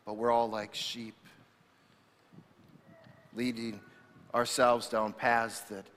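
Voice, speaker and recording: A man's voice: medium pitch, little pitch movement, slow pace, fairly bright tone. A male pastor preaching an impassioned sermon, often restarting with repeated words. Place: church sanctuary. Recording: reverberant church hall.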